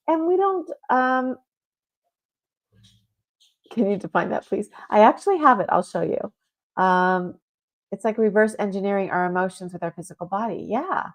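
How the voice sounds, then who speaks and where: A woman's voice: fairly low pitch, a little mellow. Chatty woman hosting a spiritual talk show. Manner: chatty, reads listener comments aloud, many fillers. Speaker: podcast host.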